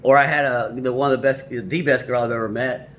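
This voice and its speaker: A man talks in a loose, casual vlog ramble at an ordinary middle pitch. He doubles back on himself often, drops in crude words, and keeps his delivery offhand. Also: steady tone, a little fast, a bit bright. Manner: loose and crude, with many restarts and asides. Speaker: vlogger summarizing a self-help book.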